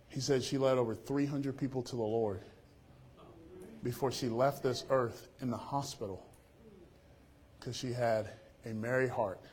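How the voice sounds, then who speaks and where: A man preaching with real swings in volume, dropping soft and then climbing loud. He tells stories and acts out the people he quotes. His voice sits at an ordinary middle pitch. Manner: lively storytelling, quoting others in changing voices. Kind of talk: sermon with closing prayer.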